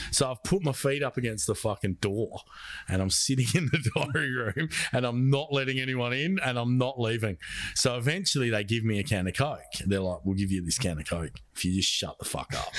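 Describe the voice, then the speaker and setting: A man's voice: on the low side, no echo. An Australian man telling a story as a podcast guest, swearing freely and acting out the lines of the people in it. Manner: profane, animated, acts out quoted dialogue. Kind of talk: casual storytelling chat.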